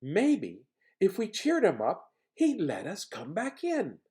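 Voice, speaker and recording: A man's voice: high voice, wildly swooping pitch, slow, darkish tone, voice pushed up, heavily acted. A man voicing a female zebra in a storybook reading, in a raised, chatty voice. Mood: hopeful.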